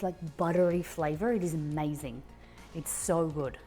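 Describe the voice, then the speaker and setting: A woman's voice: low-pitched, moderate pace, warm tone, faint music behind. A woman hosting a live cooking stream from her kitchen. She chats casually and rambles, with lots of fillers and restarts. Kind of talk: casual chat while cooking. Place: home kitchen.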